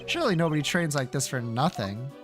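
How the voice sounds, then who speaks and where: Woman putting on a deep-ish haughty prosecutor man, formal, dry, lively delivery. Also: quick pace, over music. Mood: composed. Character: haughty refined male prosecutor. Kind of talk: reading game dialogue aloud.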